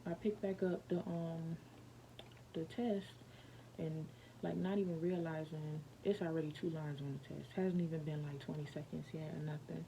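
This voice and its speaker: A woman vlogger tells a personal story in a loose, rambling way, full of fillers and restarts. Her voice sits low and has a gravelly edge. Steady noise hums clearly behind her. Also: normal speed, low-quality recording. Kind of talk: casual storytelling.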